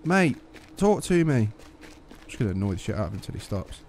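Cheeky young man, lively pitch. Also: brisk, a little hiss or hum. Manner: cheeky, joking, trolling other players. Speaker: gaming channel host. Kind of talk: casual gameplay commentary.

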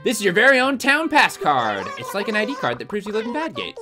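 A man's voice: high voice, huge pitch swings, quick pace. A man voicing a cheerful, polite female dog town secretary, reading game text aloud in a sweet, bubbly put-on voice over game music. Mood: chirpy.

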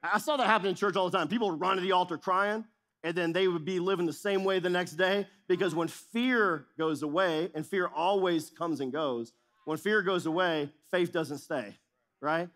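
A man's voice: high voice, moderate pace, a bit bright. A middle-aged man preaching a sermon as pastor, speaking with emphatic repetition and shifting intensity.

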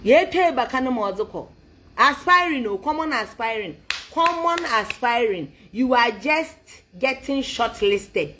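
A woman with a fairly high voice that swoops up and down with lively animation. She rants about politics in a mocking, taunting tone, slipping between English and another language and breaking into laughter. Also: measured pace, slight background noise. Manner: taunting, sing-song mockery with laughs; mixes English with a local language. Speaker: political commentator.

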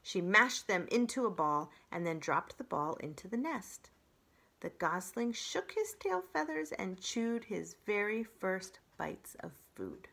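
Female librarian, children's read-aloud, expressive, bright forceful tone. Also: mid-range voice, measured pace, vocal fry.

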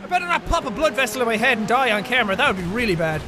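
A young man giving loud, excitable gameplay commentary with frequent shouting outbursts. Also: extremely high pitch, rapid-fire, a loud crowd, heavy background noise. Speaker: gaming video host. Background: game music.

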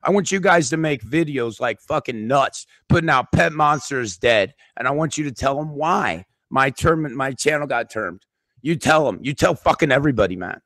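Upset male streamer near tears, foul-mouthed and pleading, mid-pitched voice, dry close sound. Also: expressive, moderate pace, a bit bright, no echo. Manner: upset, swearing constantly, pleading with viewers. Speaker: YouTube channel host. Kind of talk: emotional live-stream rant.

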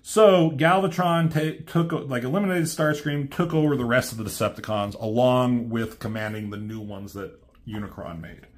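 A man casually retelling a comic's story as a reviewer, chatty and animated. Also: medium pitch, moderate pace. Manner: animated, chatty, many fillers.

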